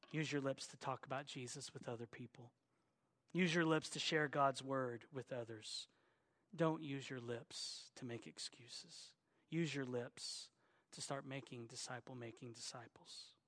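A man pastor preaching a sermon, swinging between loud, urgent exhortation and quiet, earnest appeals. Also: medium pitch.

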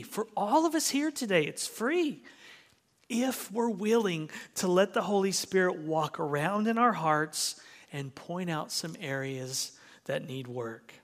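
A man's voice: sits high, big-room sound. A man preaching a sermon as pastor, emphatic and full of rhetorical questions, in a church sanctuary.

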